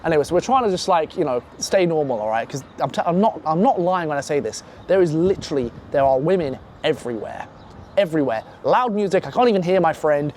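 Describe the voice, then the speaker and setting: A young man casually telling a profane, animated story and acting out the other voices in it. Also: on the high side, fast talker, slight background noise.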